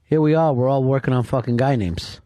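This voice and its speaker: A man hosting a talk radio show, joking, profane and quick with teasing remarks. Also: medium pitch, dark tone, no echo. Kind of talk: casual talk radio banter.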